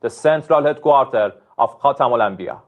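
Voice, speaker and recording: A man reading a formal military statement in a stiff, halting way. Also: mid-range voice, very noisy. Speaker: military spokesman in a video clip. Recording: dull lo-fi video clip.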